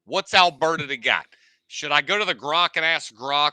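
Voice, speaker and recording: A man's voice: on the high side, animated, moderate pace, pushed and bright, no echo. A man from the United States hosting a casual podcast, rambling and joking with a lot of profanity. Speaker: podcast host.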